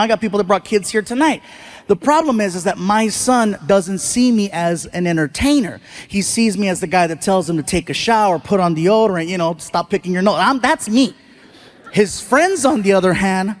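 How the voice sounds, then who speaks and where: A man in his forties performing a stand-up comedy routine on stage, telling animated stories and shouting out voice impressions. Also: high voice, a little hiss or hum. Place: stage before a live audience.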